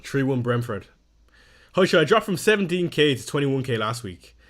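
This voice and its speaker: Young male streamer, casual self-deprecating chat, mid-pitched voice. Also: sing-song, normal speed. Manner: chatty, self-deprecating, reads chat aloud. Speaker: fantasy football streamer. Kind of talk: casual live-stream chat reading viewer comments.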